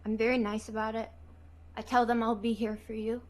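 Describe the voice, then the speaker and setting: A woman's voice: fairly high pitch, flat delivery, a little fast, a little mellow. A woman chatting casually as a stream guest, blunt and teasing.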